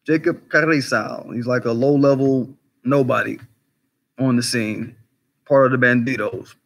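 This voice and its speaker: Profane, animated male livestream commentator. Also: mid-range voice, a little slow, creaky. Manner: animated, conversational, profane, rhetorical questions; greets live chat viewers by name mid-talk. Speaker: commentary channel host.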